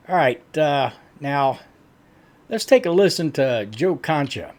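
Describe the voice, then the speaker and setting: A man's voice: medium pitch, animated, a little slow, a little mellow. A man hosting a reaction channel, giving blunt, opinionated commentary in a conversational way.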